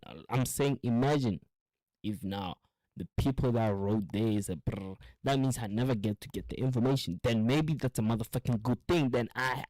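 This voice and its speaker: Male host, loose profane monologue, lively swooping pitch, dry close sound. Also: dry recording, rough recording. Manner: rambling, profane, philosophical; acts out quotes in animated voices. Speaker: show host. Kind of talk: casual monologue.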